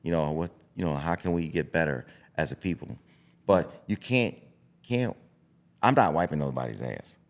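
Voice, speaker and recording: Deep-voiced guy, boxing coach, blunt and animated, acts out pep talks. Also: normal speed. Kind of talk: casual podcast conversation.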